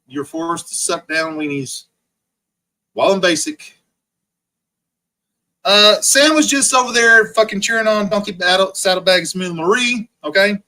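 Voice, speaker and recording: A man hosts a livestream and delivers a long, profane rant, repeating the same jabs and stopping to answer viewers in chat. His voice is bright and forward, sitting a little high for a man. His delivery is mocking and combative throughout. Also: animated, moderate pace, pauses often, low-quality recording. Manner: profane, mocking, repetitive ranting; reads and answers chat comments. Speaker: livestream host. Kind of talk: ranting livestream monologue.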